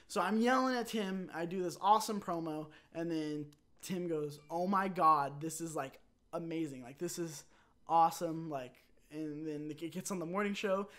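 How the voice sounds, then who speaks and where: A young man hosting his own channel, telling a rambling personal story in a casual, animated way and acting out quotes. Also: fairly high pitch. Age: young adult. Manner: animated, rambling, with quick restarts and acted-out quotes. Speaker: channel host.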